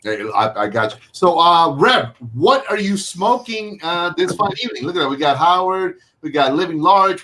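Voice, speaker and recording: A man's voice: fairly high pitch, bright, forceful tone. A man hosting a casual live video-call chat, rambling with frequent fillers and restarts. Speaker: host.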